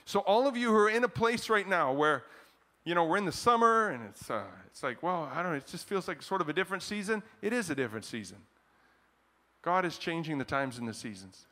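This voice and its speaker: A man in the pulpit delivers an animated sermon with a bright, forceful tone and a voice pitched a little above the usual. He swings between loud declarations and quieter stretches, then leads the congregation in prayer. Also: fairly quick. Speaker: pastor. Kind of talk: closing prayer.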